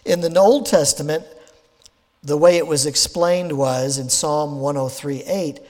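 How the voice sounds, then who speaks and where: A man's voice: a little high, a little slow, a little mellow, long reverb tail. A man preaching an earnest sermon as pastor, building to emphatic quoted passages and often restarting his phrases.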